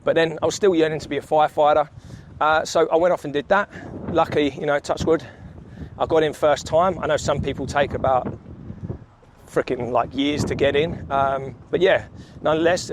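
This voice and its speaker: A man who is a vlogger and sales coach tells his story in a casual walk-and-talk down a city street, with slight background noise. His voice is a little high with fairly even intonation and a brisk pace, and he's laid-back, laughing often and swearing freely.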